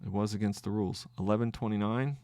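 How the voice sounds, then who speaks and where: A man hosting a trading podcast, thinking aloud through his trades in live commentary, halting and restarting as he counts wins and losses. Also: on the low side, steady tone, darkish tone.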